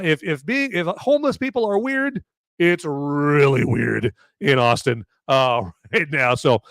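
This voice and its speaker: A man with a slightly high voice talks through a sore throat, rambling and joking on a casual live show. His voice sounds smooth and clear despite the sore throat. The sound is dry and close to the mic. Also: dry recording. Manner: rambling, jokey, many fillers and restarts. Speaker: podcast host reviewing beer. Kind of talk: casual live-stream chat.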